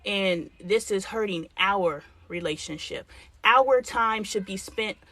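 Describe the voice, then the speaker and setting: A woman's voice: mid-range voice, takes it slowly, fairly bright tone, no room sound. A middle-aged woman hosting a live talk stream, giving blunt, frank advice with mild swearing and acting out the lines of dialogue she quotes. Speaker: host.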